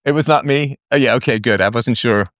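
A man's voice: medium pitch, brisk, a bit bright, no room sound, studio quality. A man from England hosting a call-in show, talking casually with many fillers and restarts.

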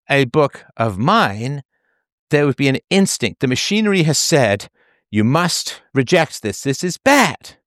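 A male author holds forth in a conversation, emphatic and digressive, with a dry, slightly sardonic edge. His voice sits at an ordinary middle pitch. The sound is close and dry, with no room to it. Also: no room sound. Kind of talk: conversational interview.

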